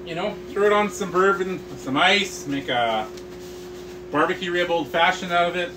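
A man's voice: high voice, normal speed, noisy background. A middle-aged man hosting a live cooking tutorial, explaining each step in a friendly way and calling his viewers guys. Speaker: barbecue instructor and host.

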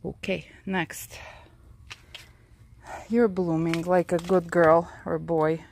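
A woman's voice: on the low side, little pitch movement, measured pace, a little mellow, a little hiss or hum. A woman hosting a casual garden tour vlog, chatty and out of breath from the heat, talking to her plants and her viewers. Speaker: orchid grower and channel host. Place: outdoor orchid garden.

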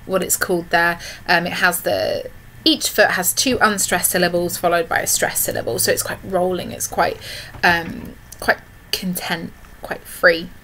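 Female teacher, video lesson narration, steady explanatory delivery, often checks in with "okay". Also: on the low side. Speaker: English literature teacher. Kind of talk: recorded online lesson.

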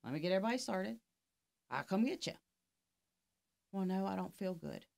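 Woman, middle-aged, life coach, casual storytelling, animated dialogue, gravelly texture. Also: medium pitch, normal speed. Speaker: podcast guest, life coach.

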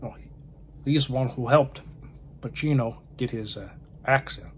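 A man's voice: medium pitch, normal speed, a little hiss or hum. Rambling man chatting about films. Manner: rambling, often trailing off to a murmur. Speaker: film vlogger. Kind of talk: casual film chat.

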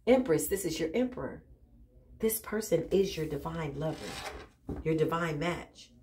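A woman doing a casual spiritual tarot reading, animated and exclaiming often, with frequent laughs. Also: lowish voice, a little hiss or hum. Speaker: tarot reader.

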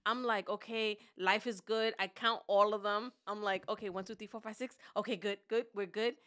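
A woman's voice: medium pitch, steady tone, normal speed, fairly bright tone. A woman co-hosting a podcast, telling a story dramatically, acting out other people's voices and laughing as she goes. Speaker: podcast co-host. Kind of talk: animated storytelling chat.

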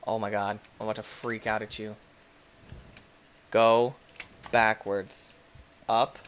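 A young man giving excitable let's-play commentary as a gaming YouTuber, yelping and shrieking when things go wrong. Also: lowish voice, slow pace, a little hiss or hum. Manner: excitable, yelps and shrieks at in-game deaths.

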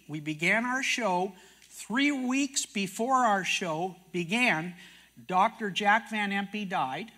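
Bright-voiced older Canadian preacher. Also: male voice, high voice. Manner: folksy storyteller, acts out dialogue in quotes. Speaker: prophecy teacher and TV host. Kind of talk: sermon-style storytelling talk.

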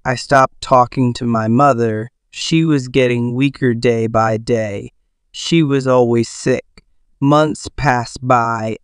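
A man reads a first-person story aloud at an unhurried, careful pace. His voice is smooth and clear and sits mid-range. The sound is dry and close, with no room around it. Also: medium pitch, no echo. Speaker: story narrator.

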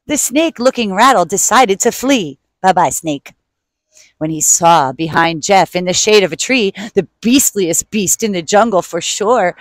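A woman reading a children's picture book aloud outdoors in an animated, playful way. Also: mid-range voice, a little slow, no room sound, rough recording.

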